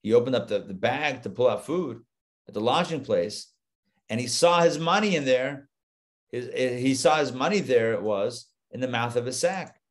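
A man, a rabbi, teaching a live Torah class, retelling the story with lively asides and acted-out lines. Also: mid-range voice, normal speed. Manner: animated storytelling, acts out the biblical lines, chatty asides.

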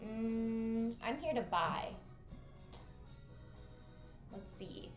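A woman streamer talks her way through a video game in a slow, drawn-out way, reading its text aloud and dropping swears and jokes. Her voice sits a little high. A roomy echo hangs on it, with faint game music behind. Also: fairly even intonation. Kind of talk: casual gameplay commentary.

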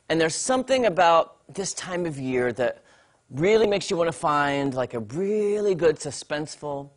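A man hosting a segment on a morning TV show, chatting animatedly and enthusiastically about a series he is watching. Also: high-pitched. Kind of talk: casual on-air TV review. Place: TV studio.

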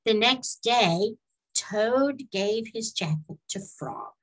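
A woman storyteller reading a children's book aloud in a slow, expressive way. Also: fairly high pitch, poor audio.

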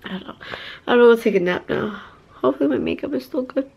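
A woman's voice: fairly high pitch, animated, quick pace, creaky, a little mellow, husky, poor audio. Candid rambling young woman vlogger. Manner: candid, rambling, sighs and trailing off. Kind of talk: casual vlog talk to camera. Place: family home indoors.

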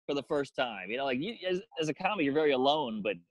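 A man's voice: medium pitch, expressive, fast, no echo, rough recording. A man, a comedian, telling a profane story in a casual chat, acting out the quotes with energy. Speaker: comedian guest.

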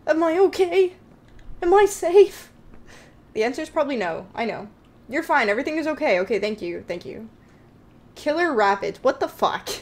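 Woman streamer, slightly high voice, talkative and jokey with chat, nervous through the game. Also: a little hiss or hum. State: jittery, scared. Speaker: gaming streamer. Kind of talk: live-streamed game commentary.

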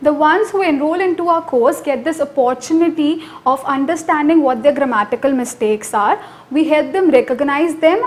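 A young woman tutor with an Indian English accent teaches an online lesson in a high voice. She stresses key words with energy and builds in pitches for her course. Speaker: IELTS tutor.

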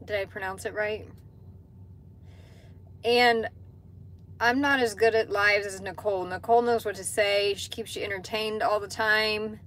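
A woman's voice: mid-range voice, fairly even intonation, unhurried, long pauses, a bit bright. Chatty woman livestreaming from a truck. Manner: candid and chatty, swears casually. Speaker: livestream host. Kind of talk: casual livestream chat reading comments. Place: inside a parked truck cab.

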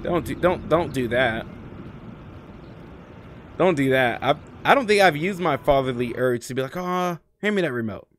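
A man live-streaming a game, chatting casually and profanely with his viewers, swinging from low muttering to loud excited outbursts. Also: normal speed, pauses often, slight background noise. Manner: slangy and profane, talks to chat by name. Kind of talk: casual live-stream chat while gaming.

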